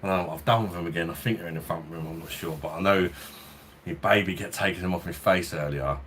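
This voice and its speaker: Man, Cockney and South East London accent, low pitch, chatty home livestream, slight background noise. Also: a little fast, fairly bright tone. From London, England. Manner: chatty and rambling, chuckles often. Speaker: livestream beer reviewer. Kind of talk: casual livestream chat. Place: home in hot weather, fan nearby.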